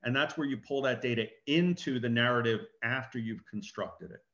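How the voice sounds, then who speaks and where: Animated man acting out dialogue. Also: mid-range voice, normal speed, highs cut off. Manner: animated, acts out dialogue and anecdotes. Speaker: guest speaker on business training. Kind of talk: energetic business talk.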